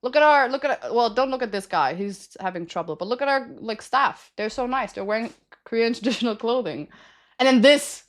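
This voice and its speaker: A woman's voice: a little high, expressive, brisk. A young woman streaming and chatting casually with viewers, giggling often and ranting with plenty of swearing. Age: young adult.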